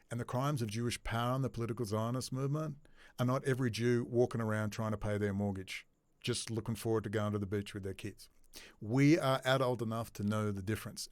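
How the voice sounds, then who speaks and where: Man, ranting commentary, sarcastic, mid-pitched voice, dry dead sound. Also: no room sound. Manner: sarcastic, swings from muttering to loud mocking outbursts. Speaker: commentary host.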